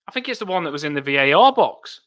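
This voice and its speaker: Excitable bright-voiced male football fan. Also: a little high, quick pace, no echo. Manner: jokey, excitable banter. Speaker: fan channel co-host. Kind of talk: casual football chat.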